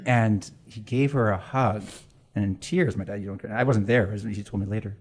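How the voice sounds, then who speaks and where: A middle-aged man from Canada, a priest, telling an emotional family story in a halting way with bursts of laughter. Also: lowish voice. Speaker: priest guest. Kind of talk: personal storytelling interview.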